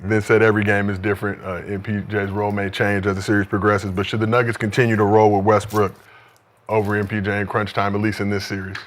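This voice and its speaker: A man with a low voice moderates a casual sports podcast. He reads statistics and quotes in a steady way before posing questions to the panel. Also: fast.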